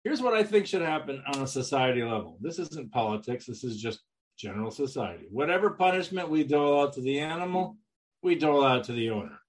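Guy cohosting a podcast, loud teasing jokes, voice goes all over the place. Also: mid-range voice, big pitch swings, brisk. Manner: joking, loud teasing outbursts. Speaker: podcast co-host. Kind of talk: casual crude banter.

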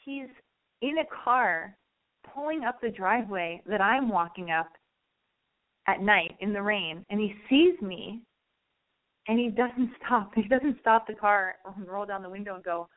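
A woman's voice: mid-range voice, unhurried. Exasperated woman telling a story over a tinny line. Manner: animated, exasperated, acts out quotes; chatty, addresses listeners directly. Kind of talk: casual anecdotal storytelling.

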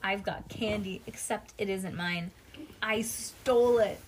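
Brash naughty little girl from a storybook, loud and bragging, read by a woman. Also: medium pitch, measured pace, a little hiss or hum, natural voice. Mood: boastful. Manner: brash, boastful. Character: bold naughty young schoolgirl.

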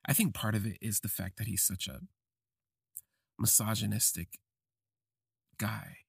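Husky, gravelly man telling a confession. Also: fairly low pitch, flat delivery, dry recording, clean studio sound. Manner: slow, halting, reflective phrasing. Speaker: podcast host. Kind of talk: confessional first-person storytelling.

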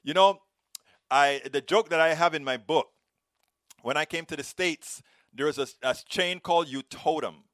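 A middle-aged man from Panama with a Panamanian Spanish accent, hosting a live stream and reading viewer comments, rolling his R's in a lively, expressive way. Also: fairly high pitch, moderate pace, no room sound, studio quality.

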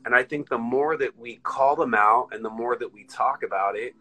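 A man's voice: mid-range voice, normal speed, pushed and bright, husky, low-quality recording. An American man hosting a casual chat, telling a rambling story and acting out the voices of the people in it. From United States.

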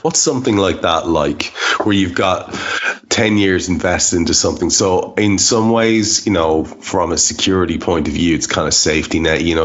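A man's voice: deep voice, a bit bright. A man hosting a podcast, rambling chat full of fillers and restarts. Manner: rambling, self-deprecating, many fillers and restarts. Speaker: podcast host. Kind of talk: casual chat. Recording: dull lo-fi sound.

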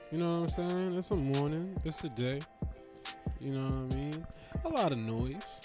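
A man's voice: fairly high pitch, expressive, a little slow, music in the background. A man hosting a podcast, rambling in a casual solo monologue with slangy, profane storytelling and repeated phrases. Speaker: podcast host.

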